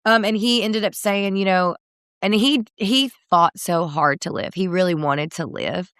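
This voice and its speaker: Woman in her thirties, candid interview guest, heartfelt storytelling, fillers and laughs, fairly low voice, dry close mic. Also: steady tone, unhurried, a bit bright, clean tone, no echo. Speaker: guest, country singer.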